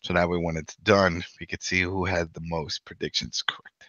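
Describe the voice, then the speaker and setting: A man with a low, bright and tense voice jokes around on a casual podcast. His delivery is excitable. His mic sounds dull and lo-fi, and the sound is dry. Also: normal speed, dry recording. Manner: excitable, joking banter. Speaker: podcast co-host.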